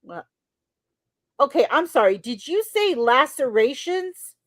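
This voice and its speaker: A woman chats as a podcast co-host, giggling and animated as she talks over a trial. Her voice sits high and swoops widely, recorded close and dry with no room sound. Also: measured pace, dry recording. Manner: giggly, animated, breaks into laughter. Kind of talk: casual chat about a trial.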